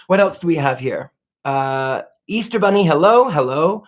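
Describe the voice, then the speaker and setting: Male psychic host, fairly high voice, gentle and gushing, casual livestream chat. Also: lively intonation, a little slow. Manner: gentle and effusive, fond of 'lovely' and 'dear'. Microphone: home livestream setup.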